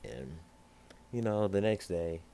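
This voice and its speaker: Young man, very low voice, rambling fan-story teller, loose delivery with faint hiss behind. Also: takes it slowly, vocal fry, dark tone. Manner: rambling, loose with fillers and "yada yada"; acts out other characters in brief pitch jumps. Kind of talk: casual improvised fan story.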